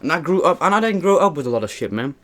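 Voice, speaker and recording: This young adult man runs a mukbang vlog, speaking to the camera while he eats in casual, rambling, earnest talk and frequently calling his viewers "man." His voice is fairly high, swings widely in pitch, and races along.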